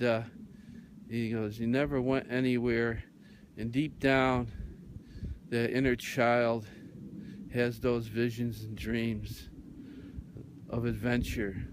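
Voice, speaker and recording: Brief: male radio host spinning a rambling tale, slow and full of fillers, mid-pitched voice. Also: slight background noise. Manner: meandering, with many fillers. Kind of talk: rambling storytelling monologue.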